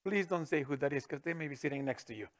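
High-voiced middle-aged male pastor preaching. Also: quick pace. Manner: expressive, swinging from booming to hushed, chuckling asides. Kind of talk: sermon.

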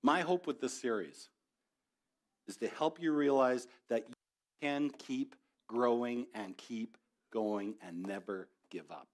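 A man's voice: medium pitch, takes it slowly. Middle-aged male pastor, sermon delivery, conversational with passionate peaks. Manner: conversational, rising to passionate exhortation.

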